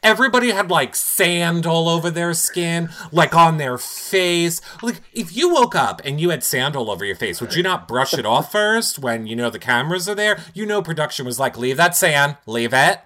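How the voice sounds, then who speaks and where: A man co-hosting a relaxed recap chat, telling each scene with animated, theatrical flair. His tone is bright and sharp-edged, and his delivery jumps into playful voices. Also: on the high side, moderate pace, few pauses. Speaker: podcast co-host. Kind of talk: casual chat.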